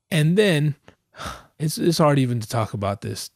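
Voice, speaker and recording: A man hosting a podcast, telling a comic story in a profane, slangy, animated way, jumping from loud outbursts to low asides. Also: a little slow, gravelly, pauses often, dry recording, clean studio sound. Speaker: podcast host.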